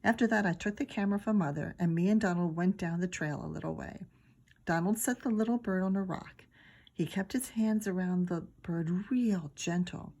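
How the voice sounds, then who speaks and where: A woman's voice: on the low side, normal speed. Woman reading a children's book aloud. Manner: lively, giggly storytelling. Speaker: teacher.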